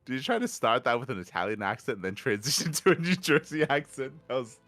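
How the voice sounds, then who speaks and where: A man co-hosting a casual esports podcast, recapping results in a relaxed, hedging way and often affirming his co-host. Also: mid-range voice, fast talker, faint music behind.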